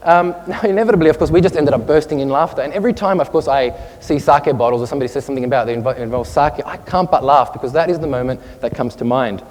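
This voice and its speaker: A man giving a public talk to an audience, telling stories in an expressive, animated way. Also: medium pitch, fast talker, hardly any pauses. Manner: expressive storyteller, animated, with asides. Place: hall with an audience. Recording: long reverb of a hall.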